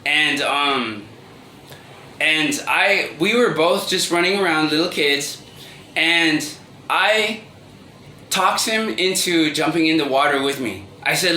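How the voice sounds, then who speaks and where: A man telling a personal story in a casual, halting way, full of restarts and fillers and often breaking into laughter. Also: fairly high pitch, bright, forceful tone. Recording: echoey room with faint ambient noise.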